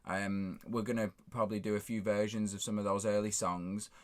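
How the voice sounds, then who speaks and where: A man in his thirties, a songwriter, talking casually and reflectively in a halting, rambling way full of fillers. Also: on the low side, level tone. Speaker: songwriter and co-lead singer.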